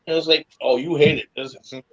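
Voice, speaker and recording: A man's voice: a little high, steady tone, fast, a bit bright, highs cut off. A man co-hosting a casual podcast chat, telling a long, rambling story with lots of restarts. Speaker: podcast co-host.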